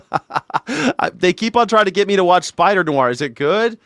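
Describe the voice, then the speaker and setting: A man's voice: sits high, expressive, measured pace, a bit bright, no echo, clean studio sound. Sarcastic man reacting to news. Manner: sarcastic, mocking asides. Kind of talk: casual reaction commentary.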